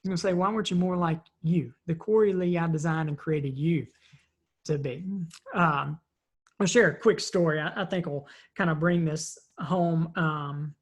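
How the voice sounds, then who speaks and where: A woman with a slightly low voice gives a motivational talk in an earnest, conversational way. She tells stories from family life and acts out the voices in them. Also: moderate pace, husky. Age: parent of three kids. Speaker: leadership speaker.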